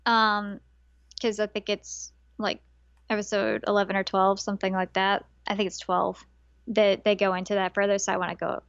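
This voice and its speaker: A woman's voice: mid-range voice, moderate pace, clear, resonant tone, no room sound, dull audio. Chatty woman recapping an anime. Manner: animated, acts out characters' lines with laughs. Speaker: podcast co-host. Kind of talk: casual anime review chat.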